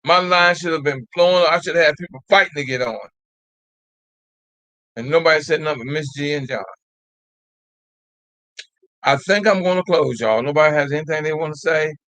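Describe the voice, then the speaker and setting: An older man hosts a live call-in show, urging his listeners on and repeating himself as he goes. His voice sits high and sounds bright and forceful. The sound is dry and close. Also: brisk, pauses often, no room sound, poor audio. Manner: exhorting and repetitive, drawls folksy "y'all". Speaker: host of a call-in talk show. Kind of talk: casual live call-in talk.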